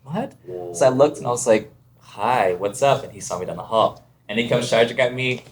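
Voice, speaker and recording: With a medium-pitched voice and a brisk pace, this podcast guest from Ontario, Canada, tells casual stories. He's animated and acts out what others said.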